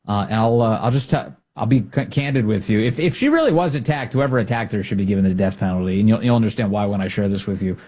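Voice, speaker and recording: A man's voice: fairly low pitch, fast talker, few pauses, a little mellow. A male talk show host giving casual political commentary, joking and candid, often restarting his sentences and laughing.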